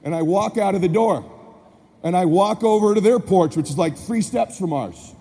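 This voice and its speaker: Speaking at a moderate pace in a voice that sits high, this motivational speaker animatedly recounts a childhood story, shouting out the voices of characters he acts out. A reverberant hall and faint ambience surround him.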